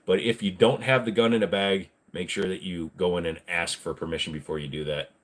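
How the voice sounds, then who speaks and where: A man's voice: low voice, steady tone, a little fast. Blunt, rambling man hosting a Q&A. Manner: rambling, blunt, with frequent fillers. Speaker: channel host answering viewer questions. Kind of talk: casual livestream Q&A.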